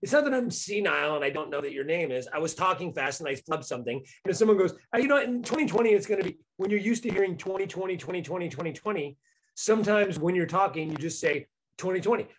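A man in casual political chat, animated and mocking, swearing freely as he talks. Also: sits high, fast, a little hiss or hum, rough recording.

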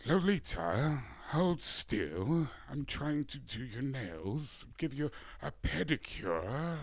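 A suave, breathy English film-star seducer, as a man puts him on, crooning his lines slowly with a gravelly edge. The voice swoops up and down in a lively sing-song, recorded close and dry. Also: mid-range voice, dry recording, pitched above the performer's own voice, full character voice. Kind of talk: playful impression.

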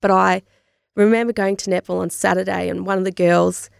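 Aussie woman, very gravelly fry in her voice, candid chatty guest, dead dry close mic. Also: medium pitch, brisk, no echo. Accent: Australian. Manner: candid, animated, acts out remembered dialogue. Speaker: interview guest. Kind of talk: conversational storytelling.

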